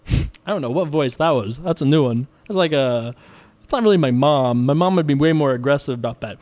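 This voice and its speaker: A man's voice: mid-range voice, fairly quick, a little mellow. A young man hosting a poker show, talking casually and joking as he plays online. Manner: chatty, joking, self-mocking. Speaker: poker player and show host. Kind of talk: casual commentary while playing online poker.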